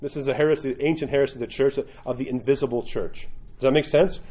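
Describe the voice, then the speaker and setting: Man, mid-pitched priest, chatty storytelling sermon, lo-fi sound. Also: fast, breathy edge. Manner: conversational, animated, frequent asides.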